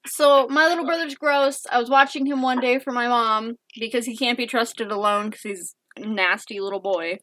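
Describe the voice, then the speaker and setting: A woman's voice: on the high side, normal speed, few pauses, fairly bright tone. Giggly young woman telling a story. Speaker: podcast co-host. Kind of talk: casual chat, storytelling.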